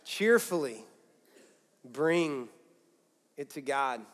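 A man preaching a sermon as pastor, swinging from loud, pressing emphasis down to quiet, soft lines. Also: medium pitch, animated, extremely slow. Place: church auditorium with a congregation.

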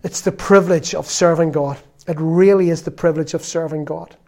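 A man in his fifties preaching a sermon in an earnest, conversational way, at times dropping to a soft confessional tone. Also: on the high side, steady tone, a little fast. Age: 50s.

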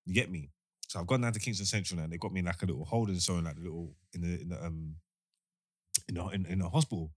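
Young guy telling a story fast, lots of slang and "you get me", dry sound. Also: low-pitched, no room sound. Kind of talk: animated casual storytelling.

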